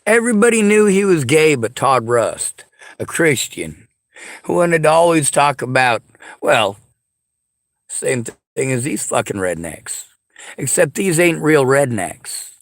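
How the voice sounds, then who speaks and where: A man's voice: fairly high pitch, big pitch swings, a little slow, vocal fry, no echo. Sarcastic man ranting, dry sound. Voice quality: sarcastic, combative. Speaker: vlogger. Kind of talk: angry profane rant to camera.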